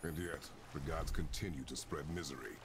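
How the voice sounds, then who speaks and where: A man's voice: a little fast, noisy background. An actor playing a stern, grim warrior father who lectures his son in short, solemn lines. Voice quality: very deep gravelly voice. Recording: game audio under loud music.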